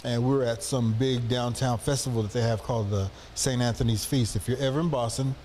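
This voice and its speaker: A man from Texas telling a rambling, relaxed anecdote on a podcast. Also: mid-range voice, fairly quick, a little hiss or hum. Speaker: podcast co-host. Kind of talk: casual storytelling.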